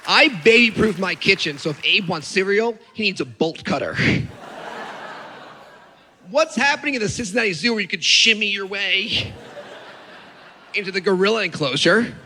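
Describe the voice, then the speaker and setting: A man doing stand-up comedy on stage, telling stories in an animated, incredulous way. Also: sits high, moderate pace, long pauses, big-room sound, slight background noise.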